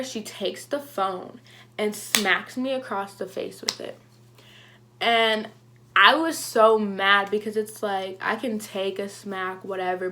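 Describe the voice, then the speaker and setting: A young woman vlogging a casual storytime, animated and full of "like", acting out what people said. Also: mid-range voice, a little hiss or hum. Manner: animated, heavy use of "like", acts out quotes.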